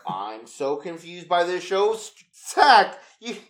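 A woman's voice: fairly low pitch, very animated, slow. A woman co-hosting a podcast, chatting casually and asking questions. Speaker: podcast co-host. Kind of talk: casual chat.

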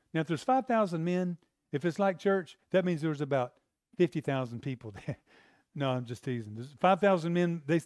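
A man's voice: on the high side, no echo, studio quality. A man preaching a sermon in a conversational way, asking the congregation rhetorical questions.

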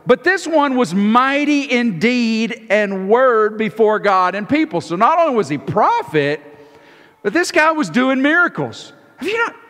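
A man preaching a sermon in a relaxed, conversational way. His fairly high voice swings widely up and down, and he stumbles over and repeats words as he starts phrases. The sound rings with the long reverb of a large hall. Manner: acts out the disciples' lines in quick, lively bursts. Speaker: pastor.

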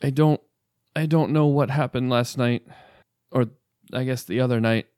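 A man playing a shaken, grieving father, halting and stammering. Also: mid-range voice, steady tone, a little mellow, no room sound, studio quality, lightly acted.

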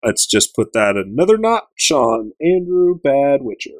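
A man chatting casually on a gaming podcast, retelling a story with animated, joking energy. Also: mid-range voice, unhurried. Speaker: podcast co-host recapping a game.

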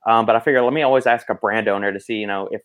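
A man hosting a casual podcast, talking at a quick clip. He rambles freely, full of you-knows and restarts. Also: lowish voice, fairly even intonation, fairly bright tone. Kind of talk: casual chat.

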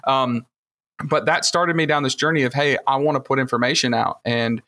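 A man's voice: medium pitch, steady tone, normal speed, pushed and bright. A man with a Southern Alabama accent, telling rambling, enthusiastic stories with plenty of fillers on a casual podcast. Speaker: podcast guest, future host.

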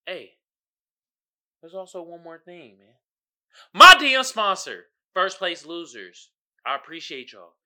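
Male solo podcast host, very bright, sharp voice, swings wide in pitch; casual slang, laughs, loud bursts. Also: unhurried, pauses often. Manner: animated, laughing, breaks into loud outbursts; slangy, addresses listeners directly.

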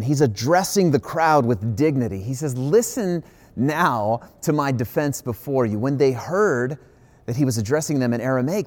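A pastor from the Midwestern United States delivers a sermon in a relaxed, conversational manner with a mid-range voice. Teaching from scripture, he leans hard on key phrases and keeps circling back with quick asides.

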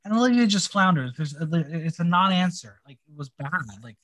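A man co-hosting a podcast, chatting casually and reading out answers with wry, quick reactions. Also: high-pitched, lively intonation, a bit bright, dry recording. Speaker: podcast co-host. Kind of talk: casual recap chat.

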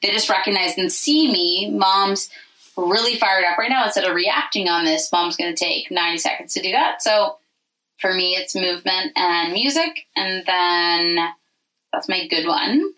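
A woman and mother talking candidly in casual chat, animated and swearing freely. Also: lowish voice, normal speed, distant mic, poor audio.

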